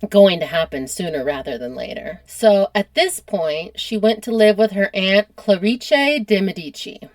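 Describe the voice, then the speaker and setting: An American woman hosting a casual history podcast, chatty and quick to laugh at herself. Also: medium pitch, darkish tone, no echo. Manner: chatty, laughs often, self-deprecating. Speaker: podcast host.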